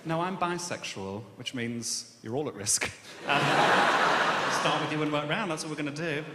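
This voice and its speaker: A man from Birmingham doing a stand-up comedy set, camp and self-mocking with a quick delivery. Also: on the high side. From Birmingham, England. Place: large echoing live comedy venue. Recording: echoey hall with loud noise.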